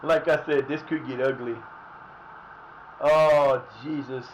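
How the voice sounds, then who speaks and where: A man streaming a football management game live, cursing and shouting at his players. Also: medium pitch, takes it slowly, a little hiss or hum, poor audio. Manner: animated, swears, yells at the game. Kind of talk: live gameplay commentary.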